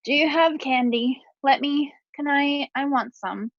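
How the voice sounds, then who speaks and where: A woman's voice: sits high, dry recording, dull audio, voice pushed up. A woman voicing a sick, childlike young girl who chatters and fires off scattered questions. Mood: pestering. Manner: rapid scattered questions, whiny.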